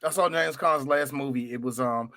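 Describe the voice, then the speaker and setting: A man co-hosting a podcast in casual banter, animated and laughing often. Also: medium pitch, normal speed. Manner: animated, laughing, mimics movie lines. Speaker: podcast co-host.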